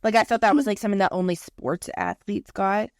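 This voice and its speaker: A woman's voice: mid-range voice, fairly quick, no room sound, studio quality. A young woman co-hosting a casual podcast, telling stories in a chatty way, swearing, laughing and acting out what people said. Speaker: podcast co-host. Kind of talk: casual chat.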